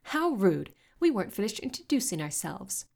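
A woman's voice: low voice, normal speed, a little mellow. A woman voicing a haughty teenage witch villain in a storybook reading. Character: snooty teen witch girl, villain.

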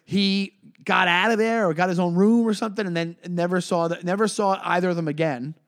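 A man with a fairly high voice co-hosts a podcast and tells a long story in a loose, casual way. He is animated and jumps much higher whenever he acts out what other people said. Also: fairly quick. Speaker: podcast co-host and comedian.

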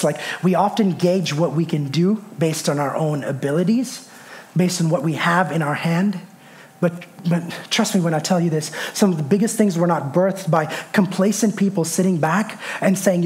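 A man pastor preaching a sermon, emphatic and repeating key phrases, swelling up to shouts. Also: sits high, moderate pace.

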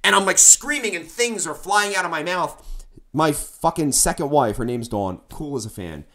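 On a casual podcast, a middle-aged man who's a musician relates a band story at normal speed, his voice on the high side. He tells it animatedly and profanely, acting out his shouting.

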